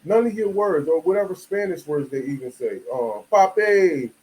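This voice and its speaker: A man's voice: fairly high pitch, lively intonation, a little fast, mellow, rough recording. A man from the United States giving a casual, emphatic monologue full of slang and "you feel me" asides. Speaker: video commentator.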